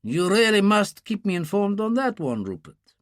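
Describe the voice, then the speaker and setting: Measured, worldly spymaster, read by a male narrator, unhurried, lively pitch. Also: no room sound, studio quality. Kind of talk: audiobook character reading.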